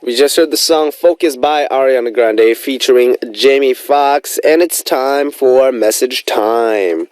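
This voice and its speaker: A man's voice: unhurried, few pauses, darkish tone, clean tone, poor audio. A man in his twenties hosting a radio music show, upbeat and enthusiastic in a studio. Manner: bouncy, enthusiastic, big pitch swings. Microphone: studio microphone.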